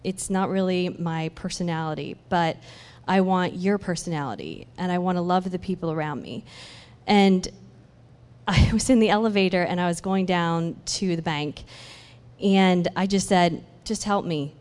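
A woman sharing a personal faith testimony in an animated storytelling way, acting out the conversations she describes. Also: on the low side, moderate pace. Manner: animated storytelling that acts out dialogue, with laughs. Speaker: church speaker sharing a testimony. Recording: long hall reverb.

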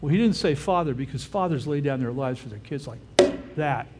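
Talking fairly quickly with lively intonation, an older pastor with a medium-pitched voice delivers an informal sermon and often asks how his listeners are following. The recording is very noisy.

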